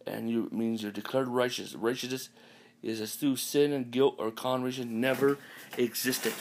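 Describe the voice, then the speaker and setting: A man delivers a podcast sermon in a gravelly, creaky voice of middling pitch. He repeats his points and sprinkles hallelujahs and amens throughout. His delivery halts often, with ums and false starts. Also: steady tone. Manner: repetitive, peppered with hallelujahs and amens; halting, with restarts and ums. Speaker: preacher.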